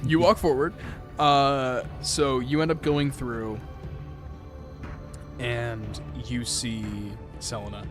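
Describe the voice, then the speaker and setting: Man game master, mid-pitched, rambling, fillers, clear music behind. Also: fairly even intonation, slow, pauses often. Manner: rambling, filler-heavy narration. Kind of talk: narrating a tabletop game. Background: background music.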